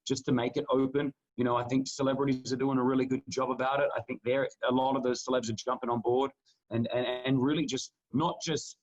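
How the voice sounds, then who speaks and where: A man's voice: medium pitch, little pitch movement, quick pace, a little mellow, dull audio. A man co-hosting a podcast, talking earnestly in casual conversation and restarting his sentences often. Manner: earnest, rambling with many restarts. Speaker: podcast co-host.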